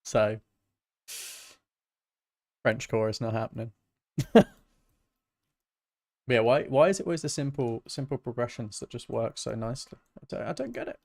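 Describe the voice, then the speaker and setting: A man from Britain, a music producer casually chatting with his livestream viewers in a relaxed, self-mocking way. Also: medium pitch, moderate pace, gravelly, long pauses, no echo, clean studio sound.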